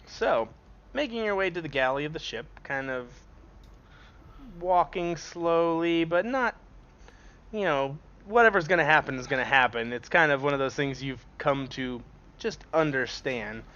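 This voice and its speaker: A man narrates a tabletop game as its game master, cursing and laughing freely. His voice is bright and sits slightly high. The sound comes through a dull, lo-fi microphone. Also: expressive, normal speed. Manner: laughing, loose and profane. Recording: dull lo-fi mic.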